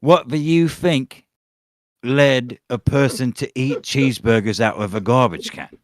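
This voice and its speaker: A man's voice: lowish voice, very slow, dry recording. A man voicing a laid-back interviewer who rambles through his questions. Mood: casual. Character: casual Australian-sounding male podcast interviewer.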